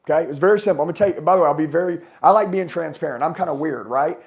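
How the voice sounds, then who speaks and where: With a fairly high pitch and a very fast delivery, a middle-aged man gives a blunt, swear-filled motivational speech at a conference. Fired up, he keeps quizzing the live audience.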